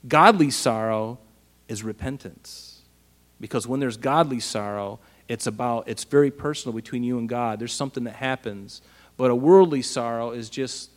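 A pastor preaching a casual, animated Bible-teaching sermon, asking his listeners rhetorical questions. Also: mid-range voice, normal speed, in a large hall.

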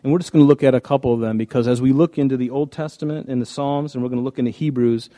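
A man's voice: medium pitch, fairly even intonation, rapid-fire, dark tone, no room sound. A man preaching a conversational sermon, telling stories in a folksy way with frequent restarts. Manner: folksy, storytelling, many restarts. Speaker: pastor.

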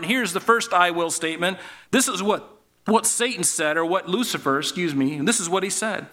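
A male preacher with a bright, forceful voice that sits a little high for a man. He reads scripture passages aloud and then talks them through in a relaxed, conversational way, asking his listeners questions. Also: a little fast. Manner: addresses the listeners as folks, asks rhetorical questions. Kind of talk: sermon.

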